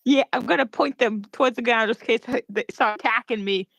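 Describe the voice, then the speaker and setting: A woman's voice: on the high side, fairly quick, vocal fry, no echo, low-quality recording. A woman playing a tabletop game over chat, explaining her moves plainly. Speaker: player.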